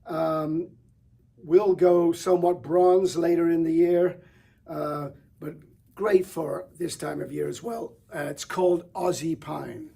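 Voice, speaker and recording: A man's voice: a little high, fairly even intonation, slow, creaky, mellow, husky. A middle-aged man presenting flowers with enthusiasm, chatty, with fillers and small restarts. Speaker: florist presenter. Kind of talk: product showcase demonstration.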